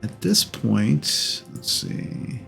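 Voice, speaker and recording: Slow, gravelly-voiced male game master. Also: mid-range voice, sing-song, pushed and bright, soft background music. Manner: unhurried, rambling with many ums and self-corrections. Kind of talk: narrating a tabletop game.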